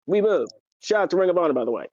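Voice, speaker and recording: A man co-hosting a podcast, chatting casually and excitedly, with lots of fillers and restarts. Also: high voice, very fast, dry recording, lo-fi sound. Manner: rambling, filler-heavy, excitable. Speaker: podcast co-host. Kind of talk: casual wrestling chat.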